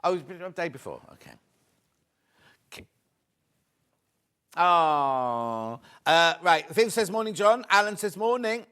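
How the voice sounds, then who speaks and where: A British man hosts a live shopping broadcast from a studio. His slightly raised voice is chatty and excitable. He rattles through prices and reads out viewer greetings. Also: sits high, moderate pace. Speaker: shopping channel presenter. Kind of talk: live shopping show chat.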